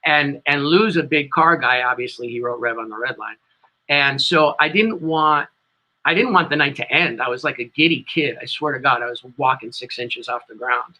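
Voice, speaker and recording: A man's voice: medium pitch, normal speed, bright, forceful tone, lo-fi sound. A middle-aged man with a New England accent, a tribute band singer telling a long, rambling story as an interview guest.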